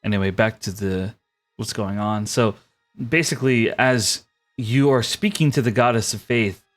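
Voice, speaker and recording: A man's voice: on the low side, moderate pace, soft background music. Casual man running a tabletop game. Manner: casual, filler-heavy narration. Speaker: game master.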